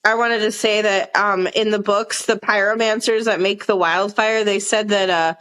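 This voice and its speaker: A woman's voice: mid-range voice, fairly even intonation, moderate pace, a bit bright, clear, resonant tone. A woman with a Southern US accent co-hosting a podcast, rambling casually through episode scenes and quoting lines. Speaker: podcast co-host. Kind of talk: casual chat recapping a TV episode.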